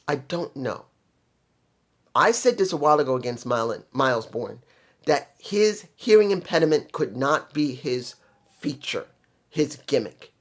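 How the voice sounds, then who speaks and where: A man giving a casual solo review of a wrestling show, opinionated and thinking aloud with fillers and restarts. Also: mid-range voice.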